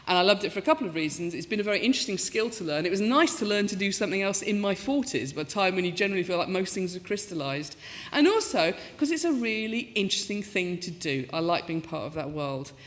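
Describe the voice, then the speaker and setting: A woman in her fifties giving a talk as a professor, telling stories in a lively, self-mocking way and acting out the voices she quotes. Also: mid-range voice, quick pace, few pauses. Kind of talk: storytelling talk with comic asides. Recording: lecture hall with long reverb.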